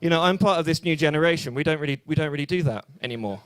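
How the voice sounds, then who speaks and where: A young man with an English accent doing a stand-up set at a small bar open mic, deadpan and hesitant with many fillers. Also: on the high side, racing, no echo. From England. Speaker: stand-up comedian.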